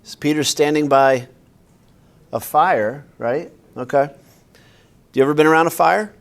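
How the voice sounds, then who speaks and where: A man's voice: on the high side, measured pace, creaky. A man, a pastor, teaching a Bible class in a conversational way, often quizzing his listeners with questions.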